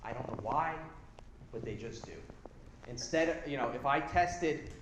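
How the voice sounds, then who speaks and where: A man giving a live workshop talk to an audience, casual, energetic and blunt, now and then swearing. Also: mid-range voice, normal speed. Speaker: seminar presenter. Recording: echoey room with background noise.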